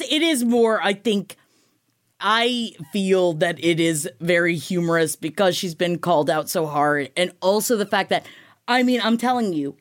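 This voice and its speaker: A woman co-hosting a podcast who cuts in with quick jokes during casual gossip. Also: mid-range voice. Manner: quick interjections, joking. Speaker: podcast co-host.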